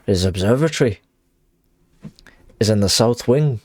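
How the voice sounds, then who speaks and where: Scheming noble quest giver, man putting on a rough Irish accent, low voice, halting slow reading, dry close sound. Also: expressive, a little mellow, dry recording. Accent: Irish, put on badly. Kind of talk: reading game dialogue aloud.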